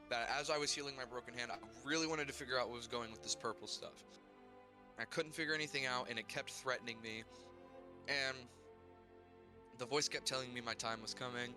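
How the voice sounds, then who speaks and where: A young man recapping his tabletop game character's backstory, halting, with many fillers and restarts. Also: mid-range voice, steady tone, over music. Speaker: player.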